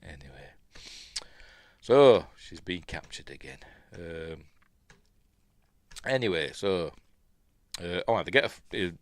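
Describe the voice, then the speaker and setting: With lively intonation, a slow pace and long pauses, a low-voiced middle-aged film review host from Yorkshire, England, loosely comments along with a film. His Yorkshire English chatter rambles with ums and uhs, and he occasionally does playful impressions of the characters.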